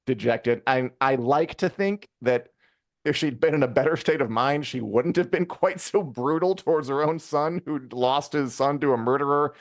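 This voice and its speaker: A man co-hosting a live review show in casual chat, rambling and animated, with many fillers and acted-out quotes. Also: medium pitch, moderate pace, dry recording, studio quality. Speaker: podcast co-host reviewing a TV episode.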